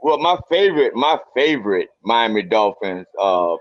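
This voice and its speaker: A man's voice: fairly low pitch, sing-song, moderate pace, dry recording. Man sharing fan opinions over a dull line. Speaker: fan panelist. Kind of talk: casual sports chat.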